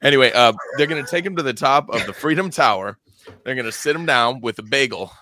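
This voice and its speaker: A man's voice: medium pitch, fast talker, pushed and bright. A man co-hosting a casual podcast chat, rambling and joking, slipping into little bits. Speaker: podcast co-host; substitute teacher. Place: New York.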